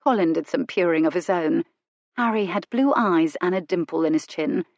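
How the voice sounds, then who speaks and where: A woman narrating a romance audiobook in a measured, wry storytelling manner. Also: lowish voice, vocal fry, a little mellow, no echo, studio quality. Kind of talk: scripted narration.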